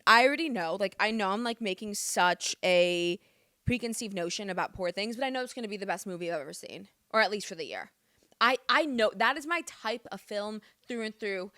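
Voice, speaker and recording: A woman's voice: medium pitch, sharp tone, clear, resonant tone, no room sound, studio quality. A young woman vlogging her opinions in a casual, emphatic chat, full of restarts and swearing.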